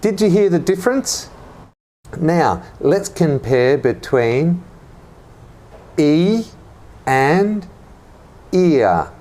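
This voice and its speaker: A man teaching English phonics, who models words clearly and has listeners repeat them and pick out the sound they hear. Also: a little high, big pitch swings, very slow, pauses often, darkish tone. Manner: drills words for repetition, quizzes the listener. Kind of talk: slow, clearly enunciated teaching.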